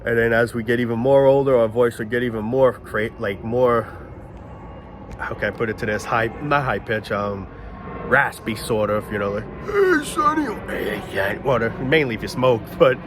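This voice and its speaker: A man's voice: medium pitch, brisk, background noise. A man in a casual, rambling monologue, often stopping to search for the right word. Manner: rambling, searches aloud for words. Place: outdoors near planes and traffic.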